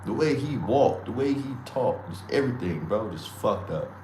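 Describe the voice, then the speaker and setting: A man's voice: mid-range voice, expressive, moderate pace, a little mellow, slight background noise. A man hosting a livestream, talking loosely in slang and trash-talking with frequent laughs. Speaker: livestream host. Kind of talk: casual livestream commentary. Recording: echoey room with faint ambience.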